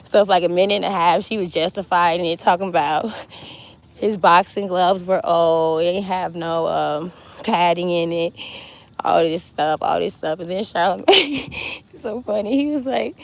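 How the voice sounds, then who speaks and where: A woman's voice: on the low side, moderate pace, creaky. A woman giving blunt, mocking celebrity gossip commentary, swearing freely as she talks.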